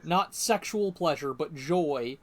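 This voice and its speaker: A man's voice: a little high, lively intonation, slow pace. A man with a Midwestern US accent in casual podcast chat, rambling with fillers and swearing freely. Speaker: podcast co-host.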